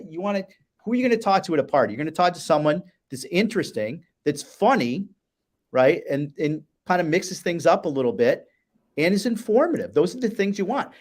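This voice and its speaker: A man, a business advisor guest, talking enthusiastically in a casual chat and repeating words as he starts. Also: a little high.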